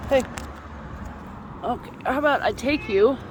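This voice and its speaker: A woman with a voice on the high side speaks unhurriedly as she walks her cat on a leash along a street. This vlogger coaxes her pet with warm, laughing, casual chatter, and faint street and traffic noise can be heard.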